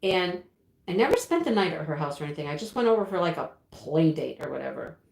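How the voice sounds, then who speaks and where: A woman's voice: sits low, big pitch swings, fast talker, creaky, a little mellow, echoey room, a little hiss or hum. A woman in her sixties hosting a live stream, chatting casually and reminiscing with viewers, laughing often and breaking into bits of song. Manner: chatty, nostalgic, laughs often, sings snippets. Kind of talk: casual chat reading viewer comments.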